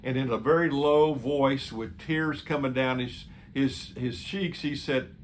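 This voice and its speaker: A man's voice: mid-range voice, fairly even intonation, measured pace, slight background noise. A man speaking as a pastor, earnestly telling a story in a sermon and quoting what he said to someone. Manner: earnest, quoting his own words to others.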